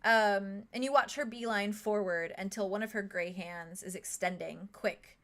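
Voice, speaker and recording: A woman narrating a fantasy tabletop game as game master. Her delivery is casual and loose, full of fillers and small chuckles. Her voice sits at an ordinary middle pitch. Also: moderate pace, fairly bright tone. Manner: casual, many fillers, chuckles between lines.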